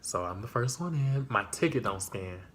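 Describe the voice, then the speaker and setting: A young man telling a casual storytime vlog, slangy and full of fillers, leaping into a high excited voice when he quotes himself. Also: moderate pace, background noise. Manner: animated, jumps to high excited pitch when quoting himself; loose slangy chat with many fillers. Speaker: storyteller vlogger.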